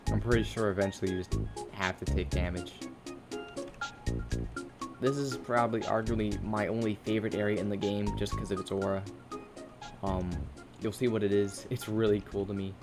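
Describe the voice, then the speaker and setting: Low-voiced teen boy gaming with music. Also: steady tone, moderate pace, gravelly, long pauses. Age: teens. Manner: jokey, swearing, panicky yelps when chased. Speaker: gaming content creator. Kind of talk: casual gameplay commentary. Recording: game music playing underneath. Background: background music.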